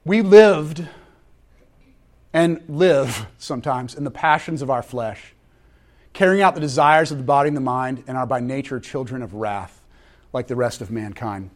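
A man preaching a sermon, animated and dynamic, swinging from loud emphatic lines to hushed, intense ones. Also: medium pitch, moderate pace. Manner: animated, shouting voices for crowds, then dropping to quiet intensity. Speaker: pastor.

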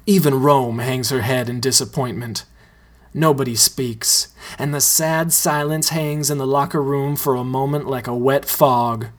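A man narrating a comedic story in a deadpan way, sometimes breaking into laughs. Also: mid-range voice, a little slow. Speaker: story reader.

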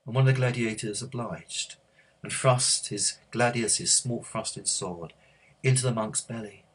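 A man preaching, telling a story with many halting restarts and growing hushed and earnest. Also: mid-range voice, husky. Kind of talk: sermon storytelling.

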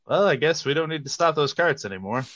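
A man's voice: a little high, animated, fast talker, fairly bright tone, no room sound, highs cut off. Casual man playing a tabletop game. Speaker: player.

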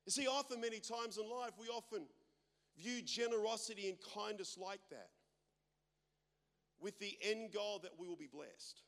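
Speaking at a moderate pace, an Australian pastor delivers a storytelling sermon in a naturally loud, animated way, full of self-deprecating humor. His voice is high for a man, and the large hall adds a long reverb.

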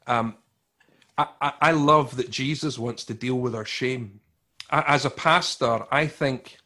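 A male pastor preaching a sermon, swinging from loud emphatic lines to hushed, slow passages, with a conversational style and frequent restarts. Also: mid-range voice. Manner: conversational, with repeated words and restarts.

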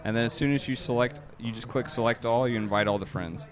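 A man's voice: medium pitch, fast. A man in a pub patiently walking people through step-by-step instructions. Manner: patient, methodical. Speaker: guest giving instructions. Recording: busy bar crowd behind.

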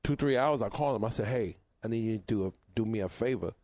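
A man co-hosting a podcast in casual chat, an animated storyteller who acts out his relatives' lines. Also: fairly low pitch, fast talker, no room sound. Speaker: podcast co-host.

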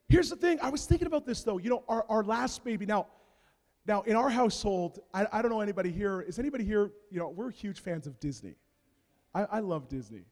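Pastor guy, high voice, jokey story sermon, loud then quiet, big echoey church. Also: creaky. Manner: animated comic storytelling, big swings in loudness. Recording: long reverb of a large hall.

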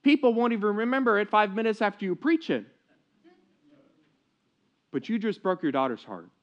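A preacher voicing God giving a firm rebuke, in a dull lo-fi recording. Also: male voice, high voice, lively intonation, moderate pace, pitched above the performer's own voice. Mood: stern. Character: God, stern and direct.

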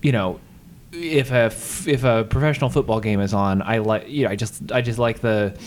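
A man's voice: lowish voice, fairly quick, a little hiss or hum. A man co-hosting a casual talk show, playful and teasing, laughing easily as he talks. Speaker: podcast co-host. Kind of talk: casual chat.

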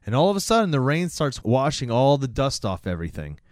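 A man's voice: mid-range voice, fairly quick, no room sound, clean studio sound. A man hosting a podcast, telling a movie's story in casual chat and acting out scenes as he goes. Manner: animated storyteller who acts out scenes. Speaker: podcast host.

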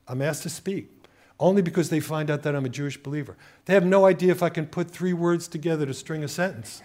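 A man delivering an impassioned sermon, his voice pitched somewhat higher than most men's. He tells stories with animation, often acting out the lines of the people he quotes. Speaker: preacher.

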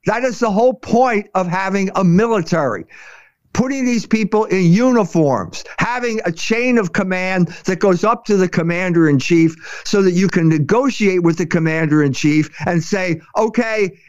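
A man with a high voice for a man pours out passionate commentary, stumbling and restarting as he goes. The sound is dry and close, with no room around it. The recording is a little dull and muffled. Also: dry recording. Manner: impassioned, halting, many restarts. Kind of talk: opinionated commentary chat.

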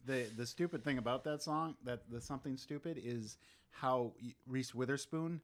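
A man's voice: medium pitch, moderate pace. A man co-hosting a casual podcast chat, joking and laughing often. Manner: laughs often, puts on silly voices. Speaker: podcast co-host.

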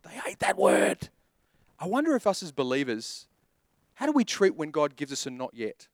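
Animated high-voiced man preaching. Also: moderate pace, dry recording, clean studio sound. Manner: animated preaching with repetition and acted asides. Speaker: pastor. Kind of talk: sermon.

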